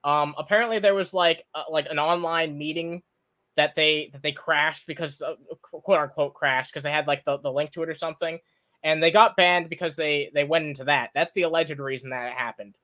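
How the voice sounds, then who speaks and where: A man's voice: a little high, fairly even intonation, a little fast, sharp tone. A man hosting a casual livestream, swearing a lot and stumbling over "um"s and restarts. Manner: heavy swearing, frequent "um"s and restarts. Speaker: livestream host.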